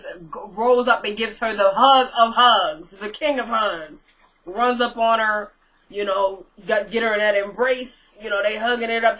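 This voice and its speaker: A woman's voice: mid-range voice, a bit bright, rough recording. A woman casually recapping a TV episode, chatty and full of fillers. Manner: chatty retelling, filler-heavy, laughs at own asides. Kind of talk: casual chat.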